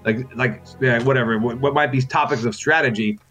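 A man's voice: medium pitch, a little fast, fairly bright tone, faint music behind. A man playing a tabletop game, rambling and repeating words as he explains. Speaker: player.

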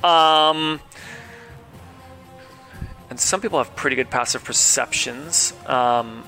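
A man running a tabletop game as game master, talking with many fillers and pauses. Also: medium pitch, bright, forceful tone, faint music behind. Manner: rambling, hesitant with many fillers.

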